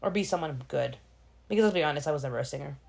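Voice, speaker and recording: A woman's voice: low-pitched, racing, gravelly, crowd noise. A middle-aged woman co-hosting a podcast, chatting casually and telling stories with lots of acted-out quotes. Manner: animated storyteller who acts out quoted voices. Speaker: podcast co-host. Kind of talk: casual chat.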